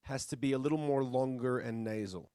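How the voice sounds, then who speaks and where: Australian musician guest, mid-range voice, relaxed and blunt with casual swearing, recorded dry over a video call. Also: male voice, medium pitch, a little fast, smooth, no room sound. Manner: laid-back, blunt, chatty, swears casually.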